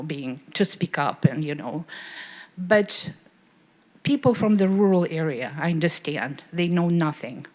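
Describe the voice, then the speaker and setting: A middle-aged woman from Russia, whose first language is Russian, asking an emotional, earnest question from the audience at a lecture. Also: on the low side. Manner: earnest, apologetic, grows louder and more emphatic.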